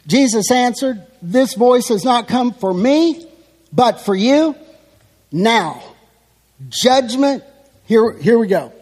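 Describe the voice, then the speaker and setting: A man delivers an expository sermon in a very high voice, taking his time over each phrase. His emphatic, unhurried teaching carries a long reverb from the church sanctuary around him. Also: expressive, darkish tone. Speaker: preacher.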